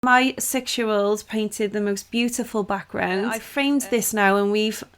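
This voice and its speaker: A British woman narrating an art tutorial in a steady, explanatory voice-over. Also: medium pitch, unhurried, clear, resonant tone.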